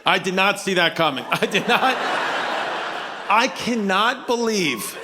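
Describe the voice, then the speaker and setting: A man doing stand-up crowd work in a large theater, shouting and teasing people in the audience. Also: high-pitched, very animated, measured pace, background noise. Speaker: stand-up comedian. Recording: live theater with crowd laughter. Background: audience laughing.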